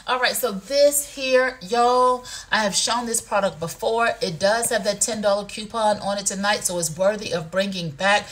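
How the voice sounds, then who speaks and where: Woman, livestream shopping host, casual chat, playful, mid pitch. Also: normal speed, hardly any pauses, a bit bright. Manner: chatty, playful, says "y'all" and "honey". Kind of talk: casual product demo chat.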